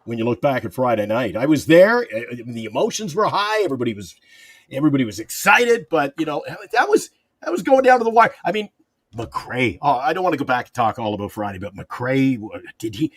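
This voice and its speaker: A man's voice: mid-range voice, very animated, fairly quick, no echo. A man panelist on a sports talk show, ranting in an exasperated, rambling way with restarts, calling in from a hot room. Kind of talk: animated sports fan rant.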